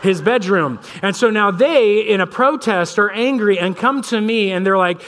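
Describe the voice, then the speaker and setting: A man's voice: sits high, moderate pace, hardly any pauses. A pastor in his thirties giving a sermon in a church, telling stories about his kids in a loose, conversational way. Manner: conversational storytelling, animated voices for his kids. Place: church sanctuary.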